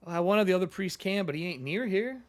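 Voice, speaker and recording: A man narrating a tabletop role-playing game as game master, animated and rambling. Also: high-pitched, quick pace.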